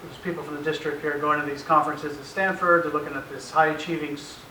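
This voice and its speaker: A middle-aged man talks fast in a slightly high, sharp voice with a flat delivery, presenting informally to parents in a meeting room. He relies on anecdotes, acts out family conversations and chuckles often. The sound is echoey and roomy, with faint hiss from a distant mic.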